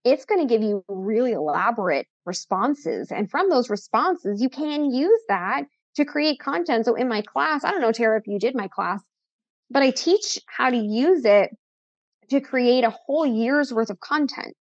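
A woman's voice: a little high, expressive, normal speed, dry recording, dull audio. A woman speaking as a guest in a casual interview, chatty, upbeat and a little sassy. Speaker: podcast guest, content coach.

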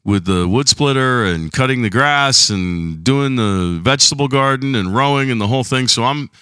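A man's voice: mid-range voice, lively intonation, moderate pace, sharp tone, smooth, dry recording, studio quality. A middle-aged man hosting a casual solo podcast, rambling and chatty with a slight lingering cough. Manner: rambling, chatty, self-deprecating. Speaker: podcast host.

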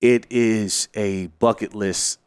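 A middle-aged man, a head coach and former player, telling a story in an interview with lively energy, laughing and acting out quotes loudly. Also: fairly low pitch, slow, clean tone, no echo.

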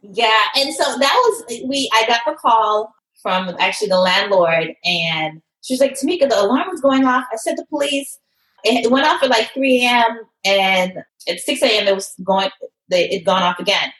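A woman who owns a fitness studio, telling her story in an interview with emotion and lively quoted voices. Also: medium pitch, normal speed, echoey room, rough recording. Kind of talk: interview conversation.

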